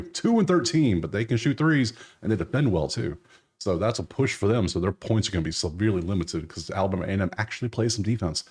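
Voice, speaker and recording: A man's voice: sits low, darkish tone, slightly rough. A man casually breaking down basketball bets, blunt and sarcastic, muttering as he reads through stats. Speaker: sports betting analyst.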